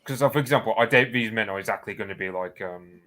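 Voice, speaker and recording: Low voiced guy, talks it through slowly, lots of um and like. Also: sharp tone. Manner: hesitant, thinks aloud with fillers. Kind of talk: casual chat.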